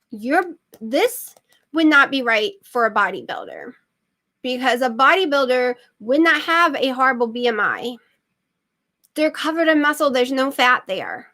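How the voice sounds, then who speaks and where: A woman's voice: high voice, a bit bright. A middle-aged woman hosting her channel, chatting casually and rambling with lots of fillers. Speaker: channel host. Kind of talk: casual livestream chat.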